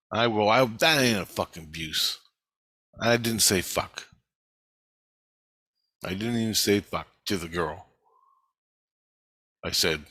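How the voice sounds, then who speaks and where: A man's voice: on the low side, takes it slowly, pauses often, bright, forceful tone, husky, no echo. A man telling a story in an angry, rambling monologue, swearing often and repeating himself. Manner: profane, agitated, repeats himself.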